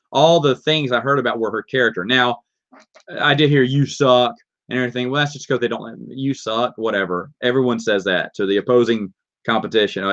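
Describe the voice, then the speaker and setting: A man's voice: medium pitch, fairly bright tone. A man with a Southern accent casually answering viewer questions on a live stream, reading out questions and rambling through his answers. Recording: dull lo-fi stream audio.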